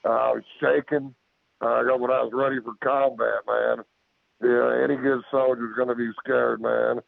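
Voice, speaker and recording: Gravelly man telling a story on a tinny line. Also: level tone, normal speed, no room sound. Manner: rambling, repeats "so, so, so" and "man"; acts out his own shouted lines louder and higher. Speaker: podcast guest. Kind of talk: storytelling an encounter.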